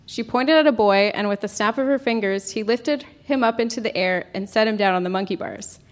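A woman's voice: mid-range voice, brisk. A woman at a live reading show, reading aloud a story she wrote as a child, in an amused way.

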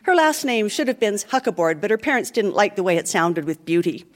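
A woman's voice: mid-range voice, very animated, brisk. A woman hosting a live show, reading a mock fairy tale aloud on a theatre stage in a theatrical, mock-solemn storytelling manner. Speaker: podcast host reading aloud. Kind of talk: live comic dramatic reading.

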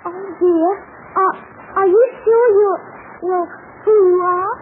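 A flustered young nurse, kind and breathless, with a very high voice. It comes through a scratchy, tinny 1940s radio broadcast with faint hiss. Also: female voice, steady tone, slow.

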